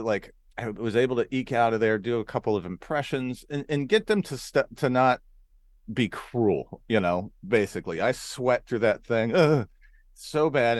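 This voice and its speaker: A man from Arizona, a comedian guest, telling stories in a casual podcast chat with an animated delivery, now and then jumping into voices. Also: mid-range voice, no echo. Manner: animated storyteller, jumps into character voices.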